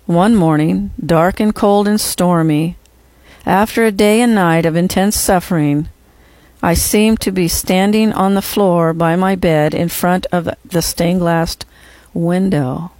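A narrator reading a first-person memoir aloud in a measured, gentle and reverent way. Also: mid-range voice, steady tone, no echo.

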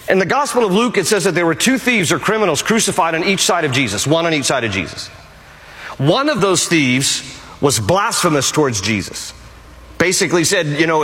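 A man's voice: a little high, fairly bright tone. Emphatic male pastor preaching in a hall. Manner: emphatic, repeats key phrases. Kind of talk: sermon.

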